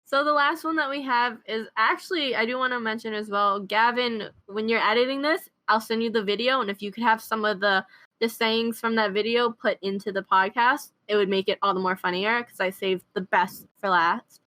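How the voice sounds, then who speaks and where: A woman hosting a relaxed podcast, her voice bright and fairly high. She talks in an easy, chatty way with friends. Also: moderate pace. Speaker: podcast host. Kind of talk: casual chat.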